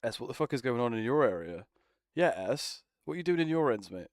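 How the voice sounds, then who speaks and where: A man's voice: mid-range voice, sing-song, brisk, dry recording, clean studio sound. Laughing, swearing young man. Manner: swears often, teasing, laughs a lot. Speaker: streamer. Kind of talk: casual banter with friends.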